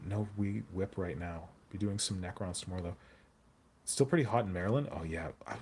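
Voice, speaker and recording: A man's voice: deep voice, fairly quick, slightly rough. Rambling jokey man streaming. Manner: rambling, jokey, answers viewer chat aloud. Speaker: hobby streamer. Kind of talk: casual live-stream chat.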